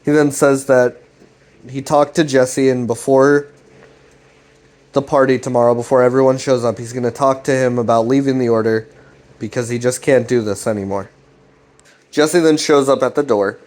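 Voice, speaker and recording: A man's voice: medium pitch, steady tone, normal speed, long pauses, a little mellow. A young man recapping a web series in a loose, rambling way, swearing often and restarting his sentences. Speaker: host.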